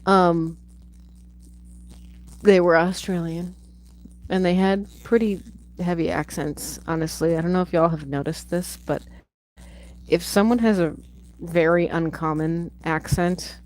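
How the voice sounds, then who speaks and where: A woman's voice: on the low side, fairly even intonation, measured pace, pauses often, a little mellow, low-quality recording. A woman hosting a livestream from home, chatting casually and rambling off on tangents, swearing now and then. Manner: rambling, digressive, swears freely. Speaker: livestream host reviewing a film. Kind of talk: casual chat.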